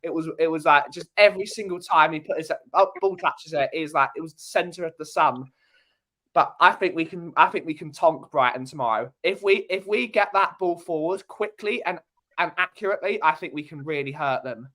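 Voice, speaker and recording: Male panelist, bright tone, halting and full of restarts. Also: fairly high pitch. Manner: hesitant, lots of ums and restarts. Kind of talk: casual chat.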